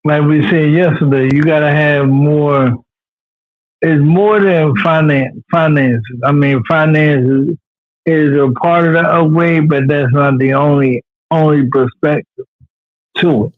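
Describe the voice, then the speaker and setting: A man joining a livestream as a guest, getting over the flu, speaking slowly and hesitantly. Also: fairly high pitch, steady tone, dry recording. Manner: slow, hesitant, repeating himself. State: recovering from the flu. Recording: tinny phone-like call line.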